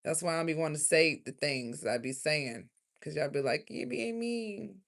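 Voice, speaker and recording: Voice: medium pitch, moderate pace, fairly bright tone. A tarot reader from South Carolina, giving a rambling, emotional, chatty card reading in a casual livestream.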